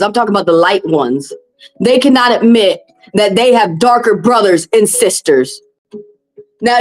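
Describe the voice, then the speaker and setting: Brief: higher-voiced woman, tarot livestream host, passionate and profane. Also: low-quality recording. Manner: impassioned, profane, blunt. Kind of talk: heated livestream monologue.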